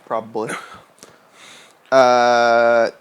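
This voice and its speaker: A man co-hosting a casual gaming stream, chatting in a relaxed way and laughing often. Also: medium pitch, very slow, clear, resonant tone. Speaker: co-host.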